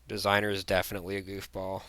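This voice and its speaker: A man's voice: low voice, monotone, quick pace, sharp tone, smooth, no room sound. A young man giving blunt, rambling tier-list commentary, full of fillers and restarts. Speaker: vlogger.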